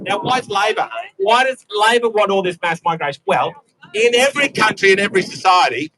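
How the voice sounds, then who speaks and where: An Australian man giving an outdoor rally speech in a conversational way, repeating and restarting words, sometimes rising to a shout. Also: sits high, slight background noise, low-quality recording. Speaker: rally speaker.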